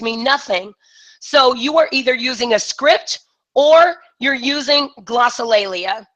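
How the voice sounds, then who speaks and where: A woman business coach with a somewhat high voice talks to her live online audience with lots of energy. She acts out little exchanges, switching between both speakers to make her point. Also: fairly bright tone, poor audio. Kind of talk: live-streamed coaching talk.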